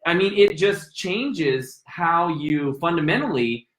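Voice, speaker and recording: A man's voice: a little high, lively intonation, slow, a bit bright. A man hosting a podcast, talking in a reflective, musing way in casual conversation. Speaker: podcast host. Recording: roomy echo.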